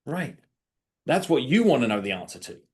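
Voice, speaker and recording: Animated male coach on a video call. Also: mid-range voice, moderate pace. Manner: animated, acts out sample dialogues. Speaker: sales coach.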